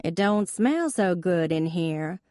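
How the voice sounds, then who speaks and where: A woman's voice: lowish voice, animated, slow, dark tone, dry recording, clean studio sound. A woman voicing a brash young female vet with a drawling good-old-boy Southern accent. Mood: joking.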